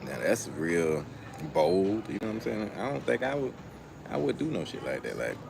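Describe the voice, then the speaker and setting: A man's voice: on the low side, big pitch swings, normal speed, gravelly, background noise. A young man hosting a casual livestream outdoors, telling stories in loose slang and talking to his chat. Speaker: livestream host. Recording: music playing loudly behind.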